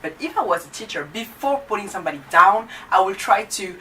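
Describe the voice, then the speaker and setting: A woman's voice: mid-range voice, lively intonation, a little fast, pushed and bright. Young woman, student vlogger, blunt heated rant, casual chat, slightly distant mic, faint background hiss.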